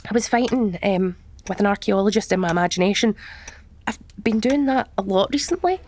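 A young woman delivering scripted comedy with sardonic, deadpan asides. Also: mid-range voice, a little fast, a little hiss or hum. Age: young adult.

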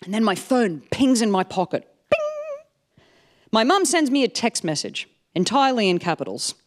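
A woman, telling a personal story to a live audience, wry and animated with comic timing. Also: on the high side, moderate pace.

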